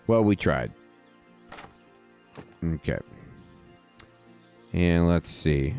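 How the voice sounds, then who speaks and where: Brief: male let's play host, low and gravelly, unhurried, lively wry delivery. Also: soft background music. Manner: wry, amused asides. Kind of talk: casual gameplay commentary. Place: home gaming setup.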